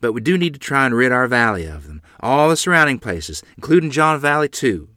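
A man voicing a stern, worried frontier mother in a read-aloud story, raising his voice high for her. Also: big pitch swings, a little fast, bright, forceful tone, dry recording, studio quality. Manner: scolding, clipped.

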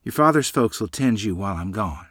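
A fretful country mother with a raised, pleading tone, as a male narrator puts her on. The voice climbs well above a man's usual register and stays lively and bright. It sounds close and dry, with no room around it. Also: lowish voice, a little fast, no room sound. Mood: anxious. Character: worried rural mother, middle-aged woman.

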